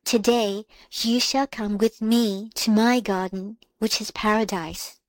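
A woman reading as a serene kind little boy, calm and gentle, storybook, mid-pitched, dry sound. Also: slow, no echo, lightly acted.

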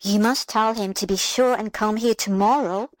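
A huge, gentle old giant from a storybook speaks with quiet remorse, as a woman reading aloud puts him on. His voice sits a little lower and softer than plain narration. It is recorded dry and close, with no room around it. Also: fairly even intonation, moderate pace, dry recording, close to an everyday voice, poor audio.

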